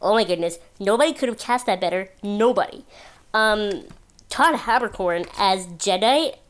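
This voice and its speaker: A woman's voice: mid-range voice, normal speed. A woman talking casually in an opinion vlog, chatty and gushing, with lots of fillers. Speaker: video blogger.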